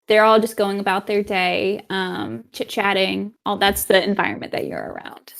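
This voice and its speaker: A woman's voice: medium pitch, normal speed, creaky, fairly bright tone. Woman game master, casual narration. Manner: casual, with fillers.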